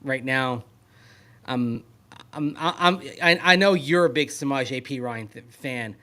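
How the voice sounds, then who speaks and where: A man's voice: medium pitch, a little slow, pushed and bright, clean tone. A man co-hosting a sports radio show, talking through football analysis in a skeptical, analytical way. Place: at a league meeting venue.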